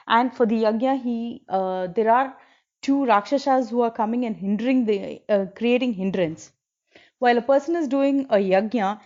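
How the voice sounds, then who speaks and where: A woman's voice: fairly high pitch, darkish tone. A woman retelling an old epic in casual storytelling narration, explaining as she goes and acting out the characters' lines. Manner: explains as she goes, with fillers and restarts, acting out quoted kings and sages. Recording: dull lo-fi recording.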